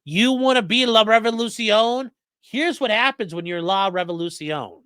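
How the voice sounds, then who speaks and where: A man's voice: sits high, moderate pace, bright, forceful tone, clear, resonant tone, no echo. A man hosting a true crime livestream, reading court papers aloud with sarcastic, profane asides. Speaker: host.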